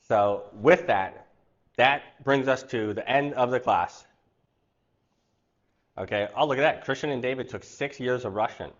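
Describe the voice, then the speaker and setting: A man's voice: medium pitch, moderate pace, long pauses, highs cut off. Chatty man hosting an online cooking class. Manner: chatty, rambling storyteller. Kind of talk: casual livestream class chat.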